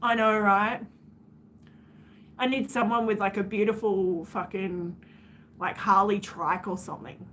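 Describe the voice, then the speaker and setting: A woman's voice: mid-range voice, steady tone, unhurried, long pauses, fairly bright tone, a little hiss or hum. An Australian woman chatting casually on her livestream, venting bluntly to her viewers and swearing freely.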